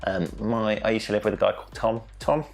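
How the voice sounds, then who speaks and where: A man's voice: fairly low pitch, fast talker, vocal fry. A young man hosting an online quiz from home, playful and jokey, stumbling over foreign names. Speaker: quiz host.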